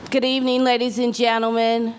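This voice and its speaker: A woman's voice: a little high, completely flat delivery, brisk, heavy background noise. A grieving mother speaking heartfelt words to a gathering, fighting to stay composed. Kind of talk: emotional public statement.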